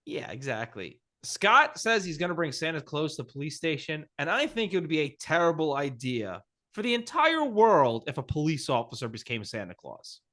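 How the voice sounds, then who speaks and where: A man's voice: a little high, sing-song, moderate pace, hardly any pauses, pushed and bright. A man co-hosting a podcast in casual chat, making snarky, profane jokes. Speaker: podcast co-host.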